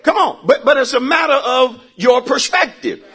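A man preaching in church, calling out for the congregation to answer back. His voice sits very high and sounds husky, and it swings widely as he climbs into shouts. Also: sing-song, normal speed. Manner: preaching with rising shouts and repeated calls for response. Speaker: pastor. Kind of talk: call-and-response sermon.

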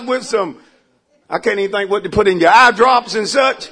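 High-voiced preacher guy, bright and husky, big swings, call-and-response. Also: normal speed. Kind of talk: sermon. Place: church.

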